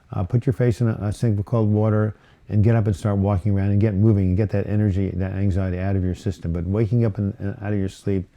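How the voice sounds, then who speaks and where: A man's voice: lowish voice, warm tone. A man hosting a live viewer Q&A on mental health, rambling casually through comments with fillers and self-corrections. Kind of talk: casual live-stream chat, reading and answering viewer comments.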